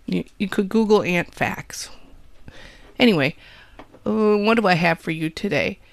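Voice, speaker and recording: A woman's voice: mid-range voice, a little slow, vocal fry, dry recording. A woman with a Wisconsin accent hosting a college radio show, chatting casually with rambling, self-deprecating jokes.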